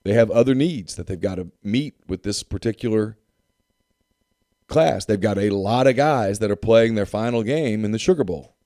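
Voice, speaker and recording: Low mellow guy on a sports podcast, keeps hammering his point, dry sound. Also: moderate pace, no room sound. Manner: emphatic, repeats himself for effect. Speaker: podcast co-host. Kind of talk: casual sports talk.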